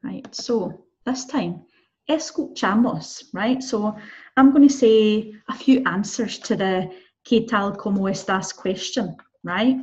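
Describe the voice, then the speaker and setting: A woman's voice: mid-range voice, darkish tone, breathy edge, lo-fi sound. Encouraging woman teaching Spanish. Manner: encouraging, checks in with "okay?" and "right?". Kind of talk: online language lesson.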